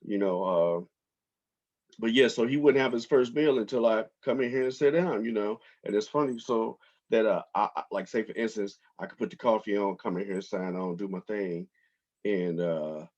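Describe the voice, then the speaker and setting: A man hosting his own podcast, telling relaxed stories from his home office with lots of fillers. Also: on the low side, moderate pace, dull audio. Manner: relaxed storytelling with frequent fillers. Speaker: podcast host. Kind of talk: casual monologue.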